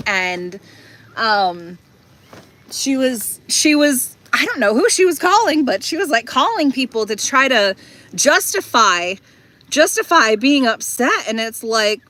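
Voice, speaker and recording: Young woman vlogger, slow and bright, chatty and meandering, speaking from inside a van. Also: on the high side. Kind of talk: casual rambling storytelling.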